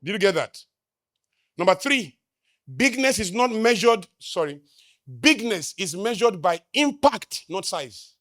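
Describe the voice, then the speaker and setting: A man with a Nigerian accent giving a live motivational talk, emphatic, firing rhetorical questions at the crowd and swinging between loud declarations and quiet asides. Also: high-pitched, dry recording, studio quality. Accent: Nigerian English. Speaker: motivational speaker. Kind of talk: live stage talk to an audience.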